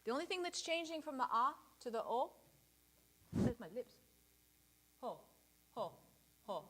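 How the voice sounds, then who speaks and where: A woman leading a choir rehearsal, encouraging the singers and demonstrating breathing and staccato warm-up sounds. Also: sits high, a little fast. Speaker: choir director.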